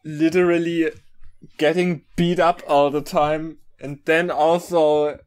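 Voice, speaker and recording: A man riffing on a fanfic with friends, talking in slow, puzzled questions that trail off. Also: on the high side, flat delivery, darkish tone. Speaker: fanfic riff co-host. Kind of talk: casual riffing chat.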